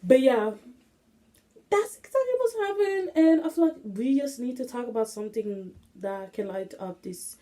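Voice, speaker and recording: A woman's voice: on the high side, normal speed, hardly any pauses, warm tone. A young woman hosting her own casual solo podcast, rambling and restless with many fillers, recorded on a phone. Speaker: podcast host. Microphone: phone camera.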